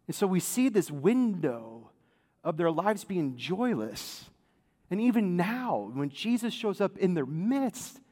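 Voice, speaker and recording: A man with a high voice preaches a sermon in a relaxed, conversational way. He talks with lively asides and plenty of fillers. His voice rings out with the long echo of a large church hall. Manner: casual, animated preaching with many fillers. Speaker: pastor.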